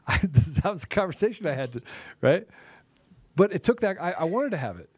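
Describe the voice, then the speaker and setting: A man's voice: sits high, big pitch swings, brisk, long pauses, darkish tone, slightly rough, no room sound. A man hosting a casual political talk show, telling stories and acting out both sides of conversations. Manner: storytelling, acts out dialogue. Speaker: show host.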